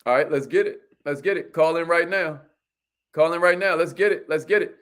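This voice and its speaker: A man hosting a motivational livestream, hyping viewers with repeated call-and-response lines and shout-outs to viewers. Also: a little high, brisk. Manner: energetic, repetitive call-and-response hype with "y'all".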